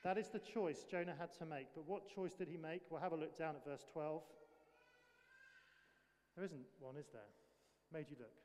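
An earnest male preacher with a fairly high voice delivers a sermon and keeps putting rhetorical questions to his listeners. His voice rings out through a large church hall, trailing a long reverb. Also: normal speed, pauses often, a little mellow.

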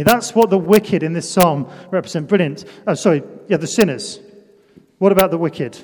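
Playful high-voiced preacher in a hall. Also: male voice, moderate pace, a little mellow. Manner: playful, self-deprecating, calls out volunteers. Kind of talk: sermon with a children's demonstration. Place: church hall. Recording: echoey church hall.

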